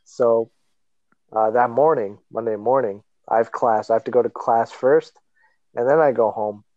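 A man's voice: mid-range voice, normal speed, no room sound, highs cut off. A young man co-hosting a podcast, telling a story in casual chat, laughing often and acting out the people in it. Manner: animated storyteller, laughs often, acts out voices. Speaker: podcast co-host.

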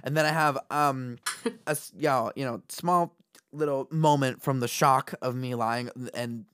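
A woman co-hosting a podcast, telling a story in casual chat, animated, laughing often and swearing. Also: a bass voice, a little slow, no echo, clean studio sound. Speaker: podcast co-host.

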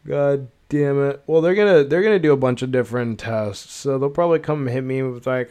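A man's voice: medium pitch, brisk, few pauses, darkish tone, clean tone. A young man hosting a casual solo podcast, rambling and swearing, full of filler words. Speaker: podcast host.

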